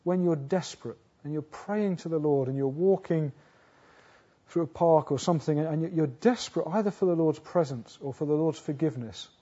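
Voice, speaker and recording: A man preaching a sermon earnestly, asking rhetorical questions, restarting phrases, rising to loud emphatic peaks and sinking low again. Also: normal speed, slightly rough. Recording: dull lo-fi sound.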